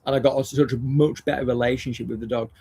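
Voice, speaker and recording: A man's voice: mid-range voice, steady tone, fast talker, vocal fry, warm tone, slightly rough. A man, a dog trainer hosting a casual live discussion, talking bluntly, swearing often and restarting his phrases.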